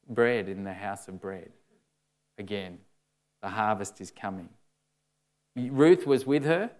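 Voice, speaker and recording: A man preaching a sermon in a conversational way, often saying "you know" and acting out the lines he quotes. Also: on the low side.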